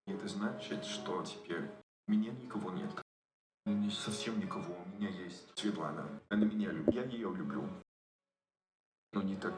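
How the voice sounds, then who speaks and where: An actor playing a grieving young Russian man who speaks in a halting, weary way with a Russian accent. He is played from a series. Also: lowish voice, recorded from a distance, close to an everyday voice. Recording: roomy sound from off mic.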